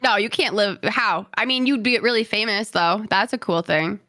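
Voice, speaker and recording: A young woman with a New England accent co-hosting a podcast, talking in loud, laughing, swearing banter. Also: mid-range voice, moderate pace, dry recording, clean studio sound. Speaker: podcast co-host. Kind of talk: casual chat. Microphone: studio podcast mic.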